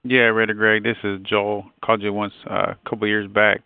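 A man's voice: fairly low pitch, little pitch movement, moderate pace, creaky, heavy background noise. A man from Maryland leaving a disgusted voicemail for a podcast host. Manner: disgusted, complaining. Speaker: caller. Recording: tinny phone line, dry.

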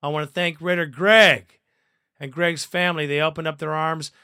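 A man hosting a fan podcast, reading listener comments aloud in a profane, excitable way and laughing often. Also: a little high, moderate pace, clean tone, dry recording, clean studio sound.

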